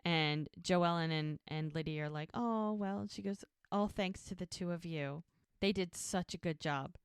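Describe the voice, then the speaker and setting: A woman's voice: fairly low pitch, measured pace, clean tone, no echo, clean studio sound. A woman co-hosting a podcast, casually retelling a TV episode scene by scene, acting out the characters' lines and laughing often. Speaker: podcast co-host recapping a TV episode. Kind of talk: casual chat.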